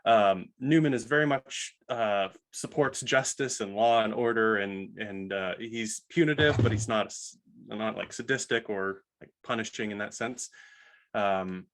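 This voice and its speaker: A man's voice: lowish voice, measured pace. A man introducing himself as a player in a tabletop game, chatting casually in a wry, rambling way with fillers. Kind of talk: casual chat.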